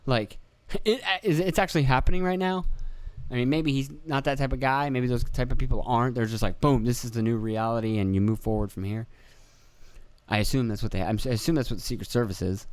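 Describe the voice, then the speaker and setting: A man's voice: medium pitch, steady tone, fast talker, darkish tone, clear, resonant tone, no room sound. A young man hosting a podcast, rambling in a casual monologue, swearing freely and jokingly acting out other people's voices. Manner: swearing, jokey, acts out quoted voices. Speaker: podcast host.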